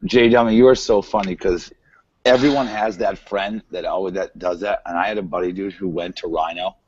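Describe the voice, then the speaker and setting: A man's voice: low voice, fairly even intonation, a little fast, husky. A man in casual chat who chimes in often and tells blunt, profane stories. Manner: chimes in with "yeah, right", blunt swearing storyteller. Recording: dull lo-fi sound with faint noise.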